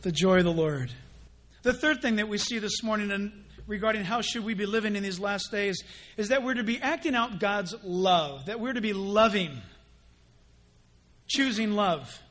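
A male pastor preaching a sermon in an animated way, acting out mock dialogues. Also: high-pitched, normal speed.

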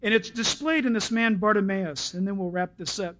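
High-voiced preacher acting out scripture. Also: male voice, fairly quick, few pauses, poor audio. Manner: animated, acts out scripture voices, shouts at peaks. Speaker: pastor. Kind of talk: sermon.

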